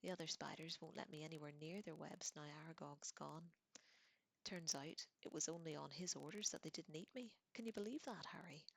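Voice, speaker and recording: A woman whispering as a tearful gruff giant, whispered role-play. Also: low-pitched, no echo. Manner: halting, choked, tearful speech. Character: grieving giant male groundskeeper, gruff.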